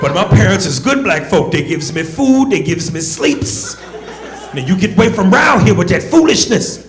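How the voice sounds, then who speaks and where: A man playing a frightened, pleading slave character in an exaggerated, loud voice. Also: high-pitched, big pitch swings, moderate pace, roomy sound, voice pushed up. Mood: panicked pleading.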